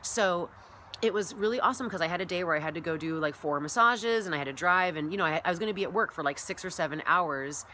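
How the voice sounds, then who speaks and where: Rambly lady vlogger, lotsa likes and you knows, kinda low voice but punchy. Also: fast talker, a little hiss or hum. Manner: rambling and chatty, full of "like" and "you know"; animated, acts out her own past thoughts. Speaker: massage therapist and wellness coach. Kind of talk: casual vlog monologue.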